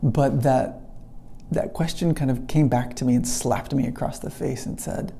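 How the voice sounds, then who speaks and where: A middle-aged man with a very dark, mellow voice and a gravelly edge tells a personal story straight to camera. He speaks earnestly, as a teacher looking back on his own struggle. At the emotional points he slows right down and goes quiet. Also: mid-range voice, steady tone, a little hiss or hum. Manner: earnest, slows down and drops to a hush at emotional moments. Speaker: English teacher.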